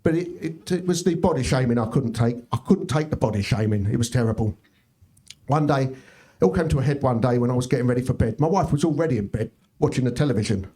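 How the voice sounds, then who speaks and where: Middle-aged comedian, deadpan delivery. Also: male voice, mid-range voice. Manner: deadpan storytelling with quick asides to the audience. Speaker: stand-up comedian. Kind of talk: stand-up comedy set. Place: comedy club stage.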